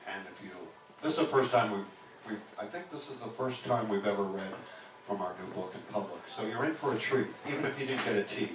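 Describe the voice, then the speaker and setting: A man reads his memoir to a live crowd with jokey, animated storytelling. He is heard from a distance in an echoing room. A faint hum of ambience sits behind him. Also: on the low side, a little fast. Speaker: author reading his book. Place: bookstore event space. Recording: distant, echoey live reading.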